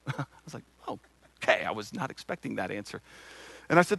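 A man's voice: medium pitch, very animated, a little fast, creaky, long pauses, fairly bright tone, no room sound. A middle-aged man giving an earnest sermon testimony from the pulpit, telling a personal story with frequent repeated words. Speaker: church speaker.

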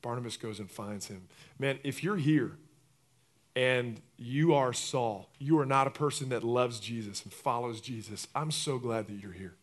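This preacher has a mid-range voice and a moderate pace, and he brings the sermon's story alive with acted-out voices. His delivery rises into loud bursts, then drops to quiet, intimate pleas.

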